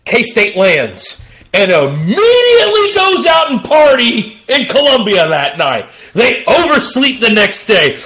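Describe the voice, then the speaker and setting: A man hosting a sports talk podcast, hyped and theatrical, breaking into shouts. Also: very high-pitched, wildly swooping pitch, slow pace. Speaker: podcast host.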